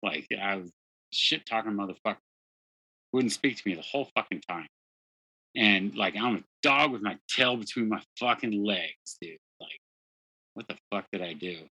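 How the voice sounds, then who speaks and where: A man's voice: lowish voice, animated, normal speed, pushed and bright, breathy edge, no room sound, rough recording. A man, a podcast guest, telling a candid story with blunt, profane, self-deprecating talk and lots of "dude" and "like". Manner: frequent "dude" and "like" fillers.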